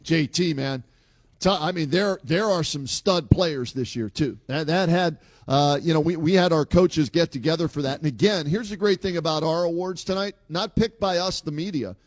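Easygoing radio sports host. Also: male voice, a little high, normal speed, no echo. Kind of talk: casual radio sports talk.

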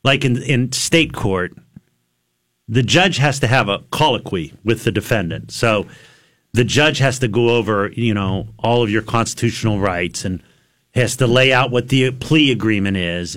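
A man, an attorney and regular on a radio show, telling stories in casual chat, animated and laughing often. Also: mid-range voice, normal speed. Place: radio studio. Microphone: studio microphone.

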